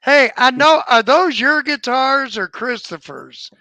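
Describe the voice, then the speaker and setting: A man's voice: very high voice, expressive, a little slow, bright, forceful tone, dry recording. A man hosting a casual online panel about dog training, easygoing and joking, on a video call.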